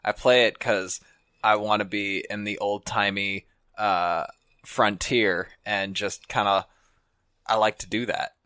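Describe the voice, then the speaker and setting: A man's voice: fairly low pitch, fairly even intonation, takes it slowly, pushed and bright, smooth, no echo, studio quality. A young man co-hosting a podcast, laid-back and hesitant, with lots of fillers. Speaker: podcast co-host. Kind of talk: casual chat.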